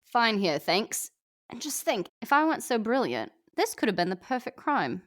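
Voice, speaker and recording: A woman's voice: on the high side, big pitch swings, normal speed, a bit bright, voice pushed up. Woman putting on a blunt Australian girl singer. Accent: Australian, put on.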